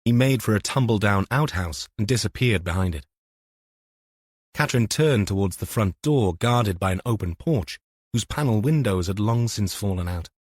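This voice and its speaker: A man narrating a police novel in a measured, even storytelling manner. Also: on the low side, no echo, clean studio sound. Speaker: audiobook narrator. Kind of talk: scripted narration.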